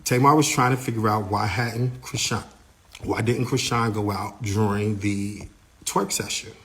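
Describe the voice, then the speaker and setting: A man telling a story in the first person in a casual way, animated, acting out what others said and using lots of "like" fillers. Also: fairly low pitch, unhurried.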